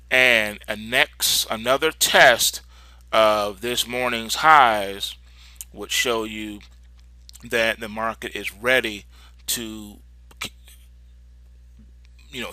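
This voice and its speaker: A man's voice: on the low side, bright, forceful tone, no echo. A man hosting a casual market recap, walking through charts with frequent fillers and repeated words. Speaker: market commentary host.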